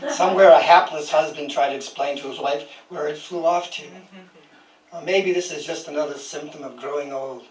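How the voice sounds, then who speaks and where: A man in his sixties, invited as a guest poet, reads his own poems with dry humor and chuckling asides in between. His voice is on the high side at a moderate pace, picked up by a distant mic that gives a roomy sound inside a small historic house.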